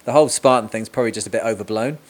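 A man's voice: on the low side, very fast. A man hosting a podcast interview from home, chatting casually with lots of fillers and jokes. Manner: joking, rambling with many fillers. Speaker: podcast host. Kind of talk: casual remote interview chat. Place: home room with a cat.

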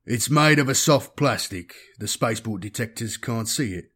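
A man's voice: mid-range voice, expressive, moderate pace, fairly bright tone. A man voicing a seasoned, cynical male space traveller who talks in an amused drawl, in a science-fiction audiobook. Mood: dry.

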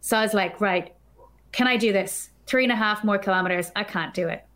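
A woman guest on a podcast, telling a story in an animated, chatty way, full of filler words. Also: mid-range voice, brisk. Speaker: podcast guest, developer advocate. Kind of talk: casual storytelling chat.

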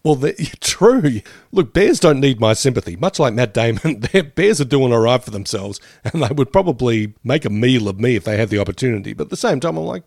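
A man's voice: medium pitch, sing-song, brisk, few pauses, a little mellow, no echo, clean studio sound. A man co-hosting a podcast in casual chat, laughing often and swearing freely. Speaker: podcast co-host.

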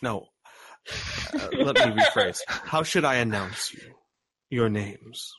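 A man's voice: medium pitch, wildly swooping pitch, slow, creaky, sharp tone, husky, dry recording. A man running a tabletop game as game master, narrating with many ums and restarts.

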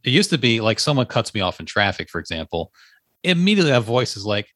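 A man's voice: on the low side, sing-song, fast, a bit bright, no room sound, studio quality. A man in casual conversation, talking through his feelings in a reflective, analytical way. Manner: reflective, analytical, self-examining. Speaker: podcast co-host. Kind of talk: casual chat.

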